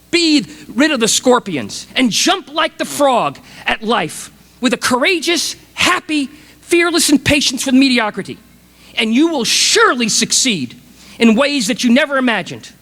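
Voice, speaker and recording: A man's voice: extremely high pitch, fairly bright tone, big-room sound. A man giving a commencement speech, enthusiastic and dramatic, telling stories to a large audience. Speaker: commencement speaker. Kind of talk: motivational speech. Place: large graduation ceremony venue.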